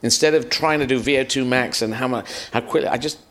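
A man's voice: mid-range voice, fast. Rambling man telling stories. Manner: rambling, animated storytelling with acted-out quotes and swearing. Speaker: comedian guest. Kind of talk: live podcast conversation.

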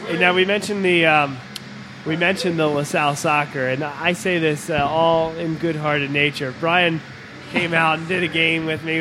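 A man's voice: on the high side, background noise. A man co-hosting a casual soccer talk show, telling stories and quoting other people. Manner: animated storyteller, quotes others in put-on voices. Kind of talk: casual sports chat.

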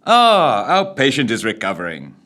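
A man's voice: medium pitch, huge pitch swings, normal speed, bright, forceful tone, exaggerated voice. Man playing a jovial seafaring stoker, hearty, cheerful, a little raised, radio story reading. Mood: warm.

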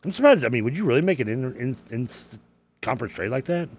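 A Southern-accented man with a slight lisp, chatting loosely on a sports radio show through a headset. His pitch swings widely as he laughs and stumbles over words. He keeps the banter light and playful. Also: big pitch swings, fast talker, a little mellow, breathy edge. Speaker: radio co-host.

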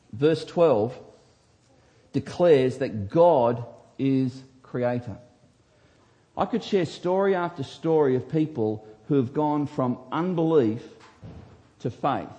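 A man, a pastor, preaching a sermon with emphatic delivery that swings from hushed to loud. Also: medium pitch.

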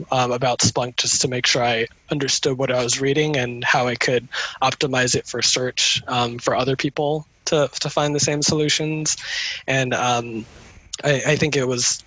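A man's voice: mid-range voice, a bit bright, husky, no room sound, low-quality recording. A man speaking as an interview guest, telling his story casually with lots of fillers and restarts. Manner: rambling, many fillers and restarts. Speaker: interview guest, community manager.

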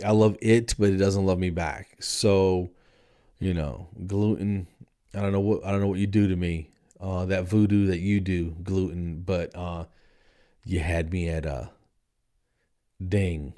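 A man's voice: deep voice, darkish tone. A man hosting his own comedy podcast, rambling and exasperated, tired late at night. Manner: rambling, exasperated, repeats himself. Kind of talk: casual stand-up style monologue.

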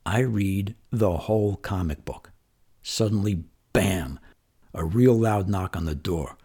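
Gravelly, husky man telling a story. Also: low voice, slow, dark tone. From New York. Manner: conversational, vivid, wry retelling of childhood. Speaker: memoir storyteller. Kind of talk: personal storytelling monologue.

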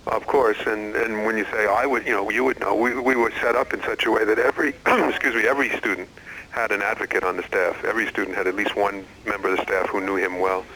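A middle-aged man, an experienced educator, answering interview questions in an earnest, measured way with frequent restarts. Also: on the low side, fairly even intonation, bright, forceful tone, slight background noise, low-quality recording. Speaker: educator and former school head.

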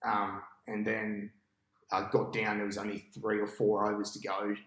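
A cricket captain telling a long match story on a podcast, in a casual, animated way and with an Australian accent. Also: male voice, fairly low pitch, normal speed, reverberant, low-quality recording. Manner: animated storyteller, acts out his own past thoughts.

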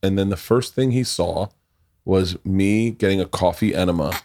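A man hosting a podcast, telling stories in lively casual chat and laughing as he goes. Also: deep voice, normal speed. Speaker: podcast host.

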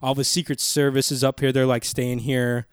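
Recorded on a studio mic in a small podcast studio, this young co-host speaks at normal speed with a smooth, medium-pitched voice and flat delivery. His casual, meandering story is full of profanity and impressions of what other people said. The audio is clean and echo-free.

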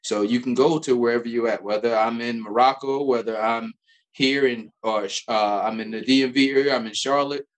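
A man's voice: medium pitch, fairly even intonation, fairly quick. A man from Albany, New York, telling stories as a guest in a casual chat, rambling with many restarts. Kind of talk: casual conversational storytelling.

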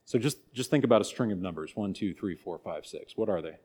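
This man's voice is low, animated and fairly quick, a little mellow with a breathy edge. He teaches a catechism class in a chatty, folksy manner, often restarting and playing out small asides.

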